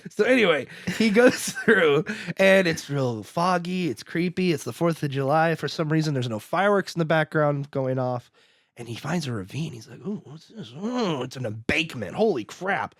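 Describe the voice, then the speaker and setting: His voice is a little high, and the sound is clean studio audio with no room sound. As a podcast co-host, he breezily retells a film, performing characters' lines in quick voices, laughing frequently, and trailing off only to restart.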